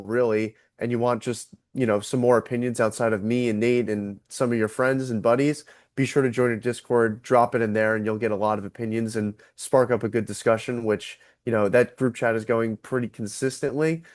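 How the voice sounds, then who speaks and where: A man co-hosting a golf betting podcast, talking casually and relaxed with fillers. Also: mid-range voice, brisk, few pauses, no echo, clean studio sound. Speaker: podcast co-host.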